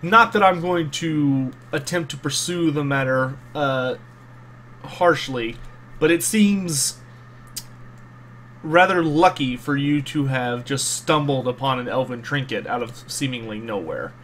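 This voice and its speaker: A man voicing a wary male ship's officer who asks probing, measured questions in a tabletop game. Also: mid-range voice, a bit bright, a little hiss or hum, lightly acted. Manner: measured, insinuating.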